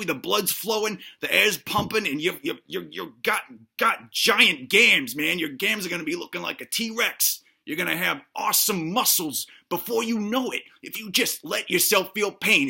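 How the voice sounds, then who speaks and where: A man's voice: a little high, gravelly, sharp tone, husky, exaggerated voice. A man playing a rambling boastful cop. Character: dim-witted boastful male cop giving fitness tips. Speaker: comedy sketch performer. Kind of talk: comedic character monologue.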